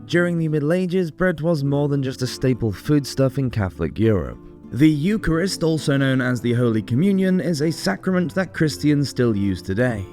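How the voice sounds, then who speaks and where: A man narrating a scripted history documentary in a clear, explanatory way, with the odd casual joke. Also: medium pitch, expressive, moderate pace, few pauses, a little mellow, faint music behind. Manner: clear explanatory delivery with casual jokey asides.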